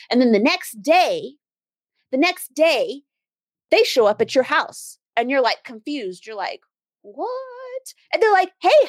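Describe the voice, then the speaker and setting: A woman hosting a solo business podcast, talking casually and acting out quoted voices with big jumps in pitch. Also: no echo, clean studio sound. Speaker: podcast host and brand strategist.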